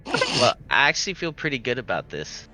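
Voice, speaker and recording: A man's voice: mid-range voice, huge pitch swings, brisk, sharp tone, soft background music. A man talking casually as a player at a tabletop game.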